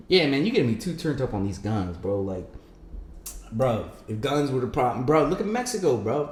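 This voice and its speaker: Ranting, profane podcast guy, mid pitch, echoey room. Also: big pitch swings, a little slow, long pauses. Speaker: podcast co-host. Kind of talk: casual podcast chat.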